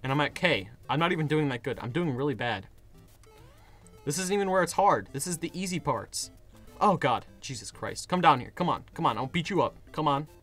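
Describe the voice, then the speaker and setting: A hoarse young man giving casual commentary while playing a game, getting frustrated and yelling at it. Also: on the high side, animated, fairly quick, faint music behind. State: hoarse, voice worn out. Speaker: gaming video creator.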